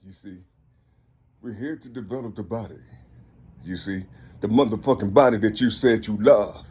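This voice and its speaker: A man in his fifties delivering a rambling, profane spiritual monologue, repeating himself and building to shouts. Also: fairly low pitch, moderate pace, breathy edge. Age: 50s.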